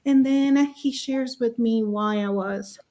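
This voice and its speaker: A woman with a fairly high voice tells personal stories with real animation, acting out each voice as she goes. She speaks as a panelist over a video call. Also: slow. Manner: lively, acts out voices in her stories. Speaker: summit panelist, parent.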